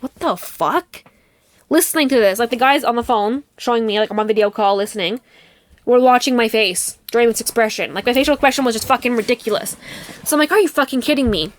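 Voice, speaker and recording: A woman's voice: a little high, quick pace, no room sound. A young adult woman hosting a podcast, retelling a personal drama in a heated, profane, indignant way. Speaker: podcast host. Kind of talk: casual storytelling monologue.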